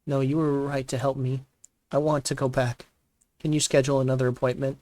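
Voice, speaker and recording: A man voicing a shy, troubled teenage girl in a read-aloud story, speaking in a quiet, subdued way. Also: medium pitch, flat delivery, brisk, dry recording, lightly acted. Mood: pleading.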